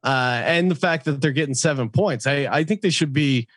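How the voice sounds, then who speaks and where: A man with a fairly high voice hosts a casual betting podcast, reading off spreads and totals before tossing the question to a co-host. The sound is close and dry, with no room around it. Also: normal speed, fairly bright tone, breathy edge, dry recording. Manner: reads lines and odds, throws questions to co-hosts. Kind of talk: casual sports betting talk.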